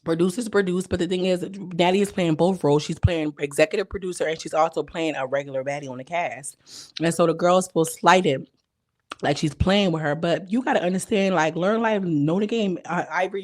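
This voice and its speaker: A young woman recapping a reality show in casual, slangy chat, her voice a little hoarse. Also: fairly low pitch, a little fast. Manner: chatty, slangy, animated retelling. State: slightly hoarse voice.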